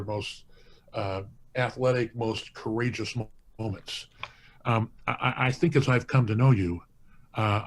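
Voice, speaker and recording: A man being interviewed as a museum president, earnest and rambling, often restarting his phrases while he tells stories. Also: fairly low pitch. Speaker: hall of fame president, guest. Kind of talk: casual interview storytelling.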